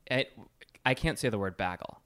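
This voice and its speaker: A playful man from Wisconsin co-hosts a laid-back podcast, forever joking and tossing off silly rhymes. His voice sits low and comes through smooth and resonant. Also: lively intonation, brisk, fairly bright tone. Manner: jokey, playful, breaks into silly freestyle rhymes. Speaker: podcast co-host. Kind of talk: casual chat.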